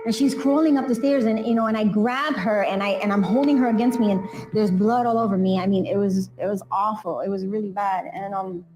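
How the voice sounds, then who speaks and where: A woman's voice: medium pitch, steady tone, fairly quick, few pauses, rough recording. A woman interviewed for a documentary, earnestly retelling a family story and acting out the voices of the people involved. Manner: earnest, quotes people in raised voice. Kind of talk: emotional recounting.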